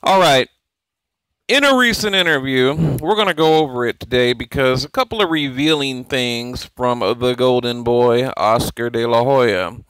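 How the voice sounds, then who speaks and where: A man hosting a boxing channel, talking in casual, animated commentary, laughing and repeating himself as he mimics others. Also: mid-range voice, normal speed, clean tone, dry recording, low-quality recording.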